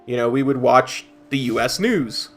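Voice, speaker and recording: Middle-aged canadian guy streaming a game, rambly, repeats himself, normal pitch, quiet music behind. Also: moderate pace. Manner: rambling, repeats words while searching for a point. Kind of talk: casual chat while gaming.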